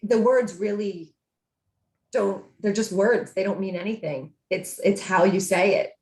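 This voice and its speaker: A woman's voice: mid-range voice, a little slow, a little mellow, roomy sound. A woman co-host talking casually, rambling with many fillers and restarts. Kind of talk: casual podcast chat.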